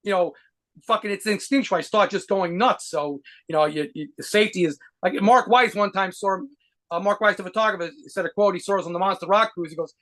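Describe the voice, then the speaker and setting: A man telling rapid, profanity-laced stories as a guitarist being interviewed. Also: sits high, a bit bright. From United States. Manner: rapid profane anecdotes with laughs. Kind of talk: fast storytelling interview.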